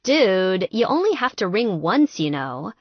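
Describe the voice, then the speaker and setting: A woman narrator voicing a bossy, exasperated woman friend who talks briskly and scolds in a raised voice. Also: mid-range voice, sing-song, breathy edge, no room sound, muffled recording.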